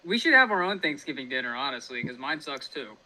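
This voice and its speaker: A man's voice: mid-range voice, big pitch swings, a little fast, sharp tone, low-quality recording. A man guesting on a casual livestream, talking in a laid-back drawl and calling everyone man and dude.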